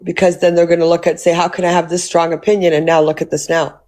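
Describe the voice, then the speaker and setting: A woman's voice: fairly low pitch, little pitch movement, fast talker, darkish tone. A woman hosting a live stream, ranting with profanity and disbelief. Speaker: livestream host. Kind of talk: heated live-stream commentary.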